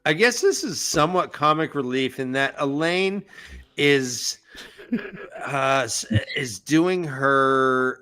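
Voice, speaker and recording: Casual male co-host, mid pitch, animated and joking while he recaps the plot. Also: clean tone. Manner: animated, jokey, recaps the plot with quick asides. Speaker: podcast co-host. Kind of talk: casual book discussion chat.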